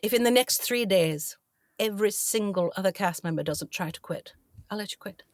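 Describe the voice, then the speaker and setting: A middle-aged actress in a casual interview, telling stories and acting out the voices of the people in them. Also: female voice, mid-range voice, normal speed, dry recording, clean studio sound. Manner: animated, acts out quoted dialogue. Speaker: actress guest.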